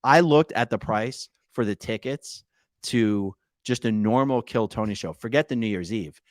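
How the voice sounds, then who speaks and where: A man's voice: lowish voice, normal speed, no echo, studio quality. A man co-hosting a casual podcast, playfully teasing and reading out viewer comments in bursts. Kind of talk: casual chat.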